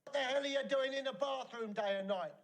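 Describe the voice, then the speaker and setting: An actor playing an impish, cheeky male servant in a film, who talks quickly and teases. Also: very high voice. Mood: reminiscing. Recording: echoey film audio with loud noise.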